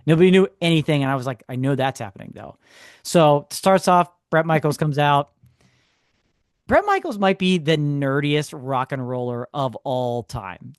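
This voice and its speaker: A man tells a story on a podcast. His voice sits a little high and swings up sharply when he gets worked up. The recording is dry and close, and he talks with sarcastic, ranting asides. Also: lively intonation, moderate pace, no echo. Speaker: podcast co-host. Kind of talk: casual chat.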